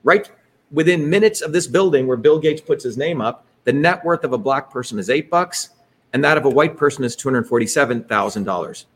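A man's voice: medium pitch, brisk, fairly bright tone, slightly rough. A man presenting to an audience in a rambling, emphatic way, full of digressions and tag questions. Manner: emphatic, digressive, keeps asking "right?" and inserting "by the way". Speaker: presenter leading an online talk.

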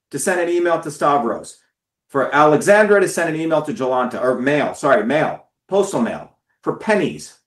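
A man's voice: on the high side, reverberant. A man giving an impassioned, profane talk to his followers, stressing and repeating words. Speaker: political speaker.

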